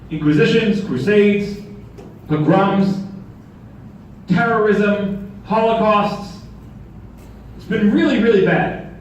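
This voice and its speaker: Rabbi preaching in an echoey hall. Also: male voice, sits high. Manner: storytelling with humor and rhetorical questions. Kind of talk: sermon. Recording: echoey hall, distant mic, faint noise.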